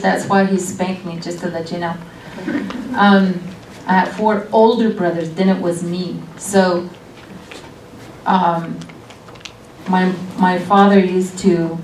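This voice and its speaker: A middle-aged woman delivers a guest lecture at a college, earnest and reflective, taking her time between thoughts. Her voice is picked up from a distance, with the room's echo around it and a faint hiss underneath. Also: lowish voice. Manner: earnest, reflective, speaks slowly with pauses. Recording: echoey room, distant mic, faint noise.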